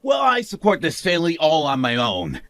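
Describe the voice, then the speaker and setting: Brief: male voice as a cruel sneering husband, shouty and taunting, lively bright delivery. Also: a little high, normal speed, no room sound. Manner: sneering, mocking laughs, shouts. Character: smug cruel young husband, mocking and bossy. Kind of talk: animated story narration.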